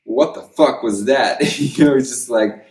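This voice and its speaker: A man's voice: medium pitch, a little slow, a little mellow. A man giving a casual astrology forecast, rambling loosely and swearing freely. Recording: echoey room, mic at a distance.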